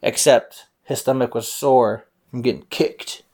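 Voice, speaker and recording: A man's voice: mid-range voice, steady tone, unhurried, darkish tone. A man improvising a bedtime story aloud, playful, with silly sound effects.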